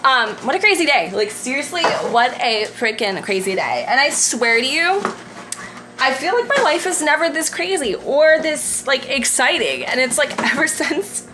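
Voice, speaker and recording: Chatty vlogger lady rambling at home into her camera, kinda high, giggly. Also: sing-song, moderate pace. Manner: giggly, rambling, lots of "like" and "I don't know". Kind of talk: casual chatty vlog. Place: at home, putting away groceries. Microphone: handheld vlog camera.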